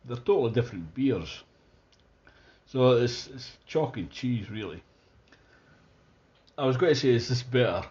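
A Scottish man chats his way through a beer tasting, enthusiastic and thinking aloud with plenty of restarts. His voice sits mid-pitch. The recording sounds a little dull and muffled. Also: expressive, a little slow, pauses often, a little mellow. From Scotland. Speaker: beer reviewer. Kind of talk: casual tasting review.

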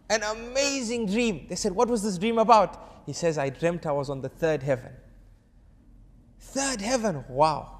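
A man preaching to an audience, telling a story and acting out its dialogue with animated shifts of voice. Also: high voice, long reverb tail. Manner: urges the audience to answer. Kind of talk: storytelling sermon.

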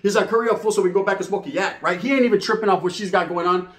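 A middle-aged man from California with a Chicano English accent tells a raunchy street story in rapid, high-pitched bursts. He talks straight to his listeners in a steady flow of slang, and the room around him is noticeably echoey. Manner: streetwise slang, acts out other voices, addresses listeners directly. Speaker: storyteller host. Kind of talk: profane comedic storytelling.

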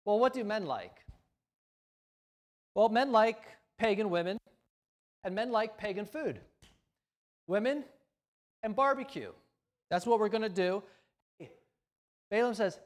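A male pastor preaches with dramatic swings, punching phrases loudly and then dropping to a near hush. His voice sits a touch high for a man. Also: a little slow, long pauses. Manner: dramatic, swings from loud emphasis to hushed. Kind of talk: sermon. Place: church sanctuary.

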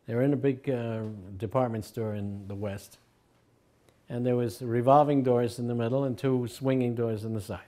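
A man's voice: mid-range voice, steady tone, moderate pace, dark tone. An older man recalling his teacher in an interview, telling anecdotes and acting out the quoted voices with a chuckle.

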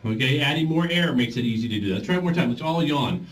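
A man's voice: mid-range voice, animated, quick pace. A man leading a group voice therapy class, coaching step by step and singing vowel exercises to demonstrate. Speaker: voice therapy instructor. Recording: distant mic with faint background noise.

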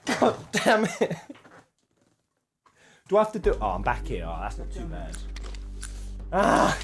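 A man commentating his own gameplay, swinging from quiet mumbling to sudden yells. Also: a little high, unhurried. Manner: excitable, swings from mumbling to yelling. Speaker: gaming streamer.

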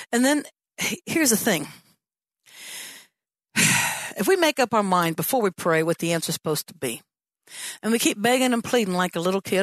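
A woman's voice: mid-range voice, no room sound. A woman pastor teaching a sermon in a conversational way, often slipping into the voices of the people she describes. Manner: conversational, acts out prayers and dialogue in changing voices. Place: church.

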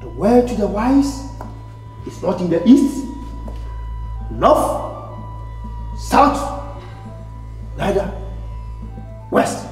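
A man's voice: high-pitched, big pitch swings, drawn-out words, long pauses, a little mellow, reverberant, big-room sound, soft background music, full character voice, low-quality recording. A stern, proverb-spouting Ghanaian father. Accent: Ghanaian English. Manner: stern, lecturing with proverbs and scripture. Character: strict boastful father, middle-aged man.

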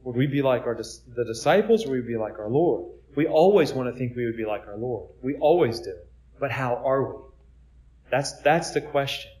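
A man's voice: medium pitch, lively intonation, moderate pace, a little mellow. A man, a Catholic friar, giving an informal preaching talk in a conversational way, full of rhetorical questions and repeated words as he restarts.

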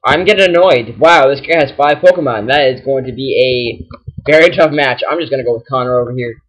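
A young man giving casual let's-play commentary, excitable and exasperated, yelling at enemies. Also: mid-range voice, fairly quick. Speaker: gaming channel host.

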